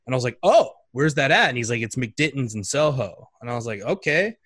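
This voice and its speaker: A man's voice: mid-range voice, fast, bright, forceful tone, slightly rough, no echo. A man in his thirties telling a story casually and animatedly, acting out the voices of the people in it. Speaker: guest.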